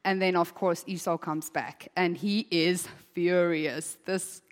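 A woman's voice: on the low side, fairly even intonation, slow. A woman preaching a sermon, telling a story in a chatty way, often laughing and acting out the voices. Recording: long hall reverb.

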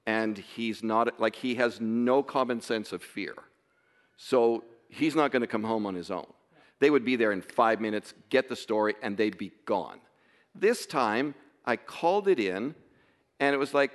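A man telling a family story in a casual way, emotional and halting, with many restarts. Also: medium pitch, expressive, big-room sound.

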